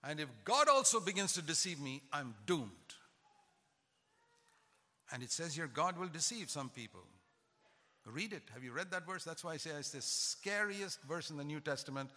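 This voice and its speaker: An older man preaching a sermon, emphatic and rising in pitch to stress his points. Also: lively intonation, normal speed, sharp tone. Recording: long hall reverb.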